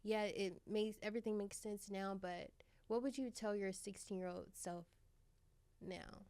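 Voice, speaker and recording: A woman's voice: medium pitch, steady tone, a little slow, a little mellow, clean tone. A woman hosting a casual interview, asking questions in a playful, teasing, encouraging way. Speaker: interview host.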